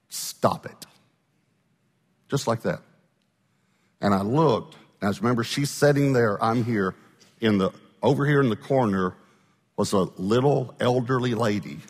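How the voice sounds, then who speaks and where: Brief: male preacher, relaxed conversational sermon, deep-ish voice, big-room reverb. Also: slightly rough. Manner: conversational, checks in with the crowd often. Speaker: pastor. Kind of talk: sermon storytelling.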